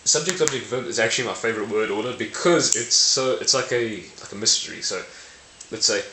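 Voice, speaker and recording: A man talks to camera in a lowish voice with a bright, forceful edge. He explains in a loose, playful way, trips over his words, fixes them, and chuckles at himself. The sound is roomy with a faint hiss. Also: fairly quick. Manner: playful, self-correcting, laughs at own slips. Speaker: language video host. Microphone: camera mic.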